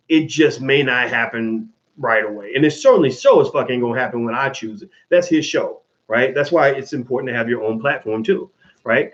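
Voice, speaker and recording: A middle-aged man giving a casual, emphatic monologue as a commentator, often restarting his sentences. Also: mid-range voice. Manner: animated, emphatic, frequent restarts. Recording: dull lo-fi sound.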